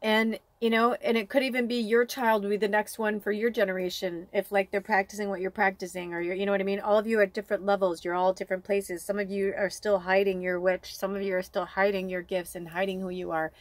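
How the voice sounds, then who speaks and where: A woman medium talks straight to her viewers in a loose, rambling card reading, heartfelt and full of filler words. Her voice sits at an ordinary middle pitch. The sound is dry and close, with little room echo. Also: level tone, fast talker, few pauses. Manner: rambling and heartfelt, full of "like" and "you know", with the odd swear. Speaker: psychic medium giving an oracle card reading. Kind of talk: casual spiritual reading to camera.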